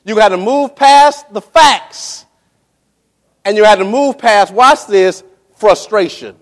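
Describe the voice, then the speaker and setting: A man with a strikingly high voice delivers a sermon full of fervor. He stretches out key words with dramatic pauses, repeats phrases for emphasis and keeps calling on the congregation to watch and follow. His voice rings with a long reverb through a large church hall. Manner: fervent preaching with repeated calls to the congregation. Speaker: preacher.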